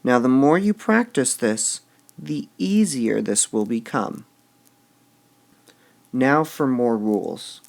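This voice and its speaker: A man explains poetic meter at an unhurried pace, with a gravelly edge to his voice. His pitch moves a lot as he sounds out each stressed syllable, and he drops to a quiet mutter while he works through an example. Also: animated. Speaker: teacher. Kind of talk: screen-recorded lesson on poetic meter.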